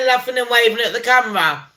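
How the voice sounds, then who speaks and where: Woman, swearing gossip vlogger, rambling heated rant, bright edgy voice. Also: fairly high pitch, expressive, moderate pace. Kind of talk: ranting commentary vlog.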